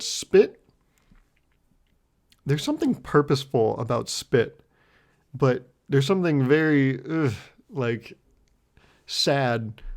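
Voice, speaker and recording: A man's voice: medium pitch, a little mellow. A man in his twenties hosting a solo podcast, telling a rambling story in a self-mocking way, laughing often and swearing freely. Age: 20s. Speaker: podcast host.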